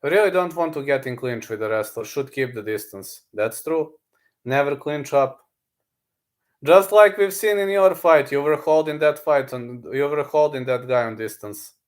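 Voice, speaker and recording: A man's voice: medium pitch, moderate pace. A man streaming live, chatting casually with viewers and repeating blunt fight advice. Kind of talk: casual livestream chat.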